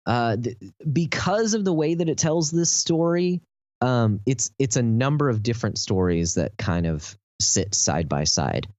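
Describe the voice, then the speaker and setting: A man's voice: medium pitch, expressive, a little slow, darkish tone, dry recording, highs cut off. A man with a Texan accent chatting casually on a podcast, explaining at length with plenty of "um" and "like". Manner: rambling, lots of fillers, enthusiastic explaining. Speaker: podcast host.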